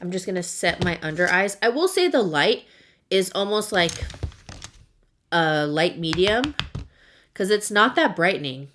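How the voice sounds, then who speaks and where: A woman's voice: mid-range voice, a little hiss or hum. A young woman chatting casually while doing her makeup, talking in a loose storytelling way with lots of "like". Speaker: beauty vlogger. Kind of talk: casual get-ready-with-me chat.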